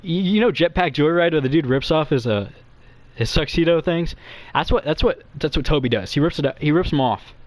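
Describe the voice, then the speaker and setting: A young man rambles through crude, silly tangents, his voice jumping all over the place. He talks quickly and quietly in a nervous, giggly way, like a guest chatting with streamers he admires. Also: fairly high pitch, lively intonation, no echo. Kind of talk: rambling comedic chat.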